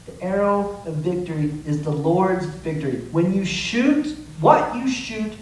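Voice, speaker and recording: Preaching pastor in an echoey church. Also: male voice, high-pitched, expressive, a little slow. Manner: impassioned preaching with acted quotes. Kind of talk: sermon. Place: church sanctuary. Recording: echoey room, mic from a distance, faint noise.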